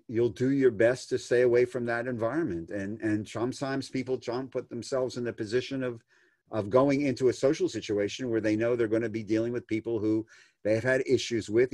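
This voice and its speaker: A man's voice: medium pitch, darkish tone, no echo, clean studio sound. A man, a rabbi, answering questions over a video call in a folksy, storytelling way, acting out the people he quotes. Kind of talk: answering questions in an online session.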